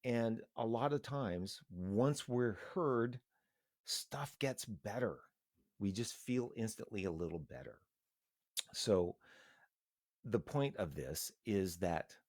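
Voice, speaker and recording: A middle-aged man with a very low voice talks candidly on a live stream, earnest and halting, often restarting his thoughts. The sound is dry and close, with no room echo. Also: a little mellow. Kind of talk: casual emotional live-stream talk.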